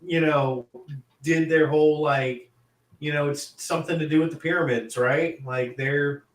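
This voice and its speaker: A man co-hosting a casual movie podcast, excitable and rambling, laughing a lot, recorded in an echoey room away from the mic. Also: a little high, a little slow, distant mic. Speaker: podcast co-host.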